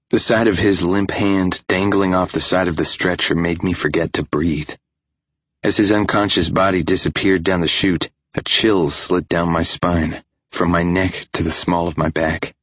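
A man narrating a first-person story as an audiobook, in a tense, anxious manner, voicing the dialogue quietly. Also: low-pitched, husky, no room sound, dull audio.

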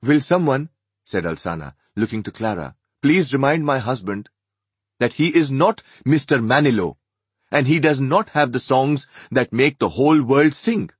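A man voicing a sharp-tongued, mocking middle-aged wife. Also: mid-range voice, animated, moderate pace, husky, dry recording, pitched above the performer's own voice. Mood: sarcastic.

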